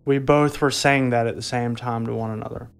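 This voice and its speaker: Gravelly-voiced man, halting testimony. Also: medium pitch, steady tone, soft background music. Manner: halting, hesitant, with frequent restarts. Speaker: interviewee recounting an encounter. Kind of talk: documentary interview testimony.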